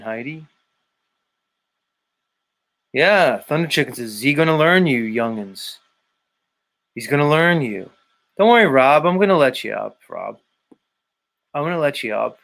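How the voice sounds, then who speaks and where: A man's voice: mid-range voice, lively intonation, normal speed, creaky, long pauses, a bit bright. Male stream host, casual and emphatic, hammering points with repetition. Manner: blunt, repetitive, emphatic lecturing. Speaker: show host. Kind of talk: casual live-stream chat reading viewer comments.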